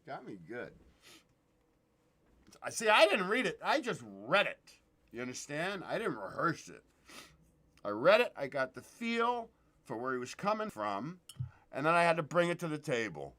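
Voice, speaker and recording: A man hosting a casual livestream, excitable and profane, greeting viewers in the chat by name. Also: on the high side, moderate pace. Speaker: livestream host.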